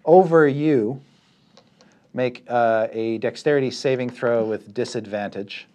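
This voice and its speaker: A man running a tabletop game as dungeon master, narrating scenes vividly and calling for rolls in a steady way. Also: mid-range voice, a little slow. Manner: descriptive, steady game narration with rules calls.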